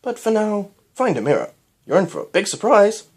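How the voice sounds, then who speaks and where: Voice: mid-range voice, sing-song, normal speed, darkish tone, pitched above the performer's own voice. A reader voicing an eccentric, upbeat time-traveling stallion in a storybook reading. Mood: cheerful.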